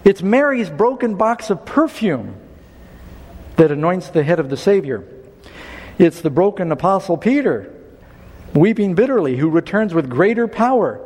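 Man preaching with a higher voice in a reverberant hall. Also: normal speed, long pauses, slightly rough. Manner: storytelling, animated, rising to emphatic preaching. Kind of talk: sermon with personal story.

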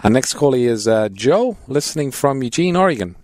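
A man co-hosting a Bible radio show, introducing callers and adding calm points. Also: medium pitch, no room sound. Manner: measured, announcing. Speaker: radio co-host.

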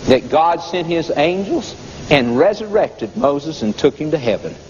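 A preacher telling a Bible story in an emphatic, repetitive sermon style. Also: male voice, on the high side, big pitch swings, a little slow, darkish tone, a little hiss or hum. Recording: dull lo-fi tape with long reverb.

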